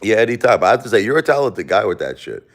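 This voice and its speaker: A middle-aged man chatting loosely on a livestream. His voice sits very low, yet his pitch swings widely as he jokes, swears and rambles through comments. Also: very animated, quick pace. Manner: rambling, profane, joking with chat. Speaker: livestream host. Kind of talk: casual livestream chat reading comments.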